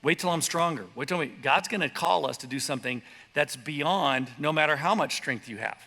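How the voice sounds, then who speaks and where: A male pastor preaching a sermon, animated, slipping into quick voiced impressions and asides. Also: on the high side, vocal fry. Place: church sanctuary. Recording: church hall reverb.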